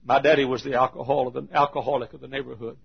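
A middle-aged male pastor preaching an intense sermon, swinging from shouts to hushed, near-quiet passages. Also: mid-range voice, flat delivery, rapid-fire, creaky, breathy edge, highs cut off.

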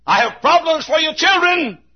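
A man voicing the world as a loud, taunting figure announcing hardships. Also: extremely high pitch, fairly quick, voice pushed up. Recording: muffled lo-fi recording.

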